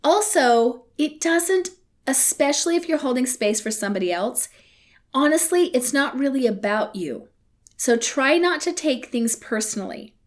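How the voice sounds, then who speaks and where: Candid, chatty woman, a bit high. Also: lively intonation, moderate pace. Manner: candid and conversational, with playful asides. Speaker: podcast host. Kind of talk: casual teaching talk.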